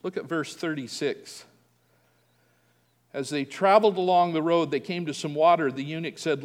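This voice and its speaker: A man's voice: a little high, normal speed, long reverb tail. A man preaching a sermon, telling a family story and acting out the quoted voices. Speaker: pastor.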